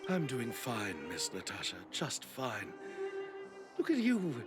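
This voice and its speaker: A man's voice: medium pitch, wildly swooping pitch, slow. A man voicing a kindly, courteous older caretaker in a game, speaking in a fatherly way. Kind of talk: game dialogue. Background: game music.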